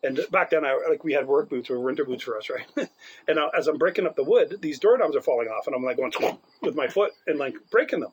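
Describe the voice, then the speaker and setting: Co-host man, slightly high voice, rambling laughing storyteller, faint noise behind. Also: lively intonation, fast talker, rough recording. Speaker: podcast co-host. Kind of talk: casual storytelling chat.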